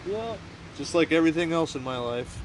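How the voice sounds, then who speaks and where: A man's voice: on the high side, animated, a little fast. A man in his thirties chatting casually and joking with his wife. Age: 30s. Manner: joking, laid-back banter. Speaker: vlogger, retired husband. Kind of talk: casual outdoor chat. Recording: noisy outdoor recording, traffic nearby.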